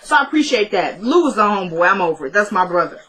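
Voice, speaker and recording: A woman's voice: mid-range voice, sing-song, fast talker, fairly bright tone, rough recording. A woman casually recapping a TV episode in a chatty, conversational storytelling manner. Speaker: show recap host.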